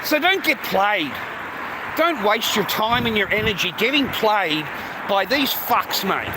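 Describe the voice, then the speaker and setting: Man, 50s, Australian accent, high-pitched, profane street rant, phone stream, loud traffic noise. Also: lively intonation, a little slow. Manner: blunt, profane, repetitive, calls listeners mate. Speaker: livestreamer. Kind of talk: ranting street livestream.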